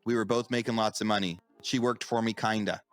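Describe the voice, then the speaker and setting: Soft music sits faintly behind this dry recording of a middle-aged podcast co-host. He chats casually, telling stories and performing the quoted voices of their characters. His voice is lowish and steady, and his delivery is brisk.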